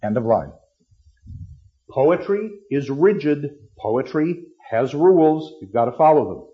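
A middle-aged man teaching literature, lecturing with lively, dramatic delivery and acting out lines of verse. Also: on the high side, measured pace, dull audio. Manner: animated, acts out lines dramatically.

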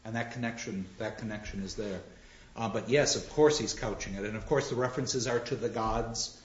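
A man's voice: lowish voice, fairly quick. A man lecturing on drama with frequent restarts, animatedly acting out the lines he quotes. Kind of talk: lecture with audience questions. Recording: dull roomy lecture recording.

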